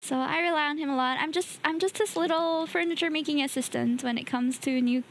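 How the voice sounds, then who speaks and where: Building a kit at her home desk, this woman streamer talks in a casual, relaxed way at a fairly quick pace, her voice sitting high and her soft laughter frequent. A slight hiss or hum is audible.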